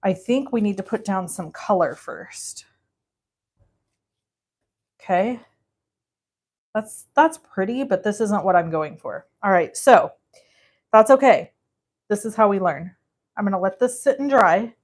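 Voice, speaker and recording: A woman's voice: medium pitch, a little slow, long pauses. A woman in her forties hosting a live card-making demonstration, chatting directly to her viewers as she works.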